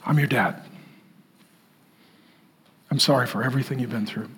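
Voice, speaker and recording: A man voicing a gentle, strong adoptive father who speaks softly and reassuringly to a rescued child, with a husky voice. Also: medium pitch, normal speed. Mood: tender. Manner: soft, hushed, reassuring.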